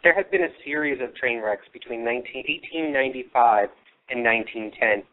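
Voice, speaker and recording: A man hosting a live paranormal radio investigation, telling history in a rambling, filler-filled way. His voice is a little worn and comes through a thin, tinny phone-like line. His pitch sits in an ordinary middle range. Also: fairly quick. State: losing his voice. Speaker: paranormal radio show host.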